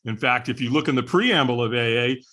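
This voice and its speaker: A man's voice: mid-range voice, a little fast, a bit bright. Middle-aged guy on a podcast, earnest storyteller, mid-range voice, candid and chatty. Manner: earnest, candid, chuckles between stories. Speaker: podcast guest. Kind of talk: personal storytelling in conversation.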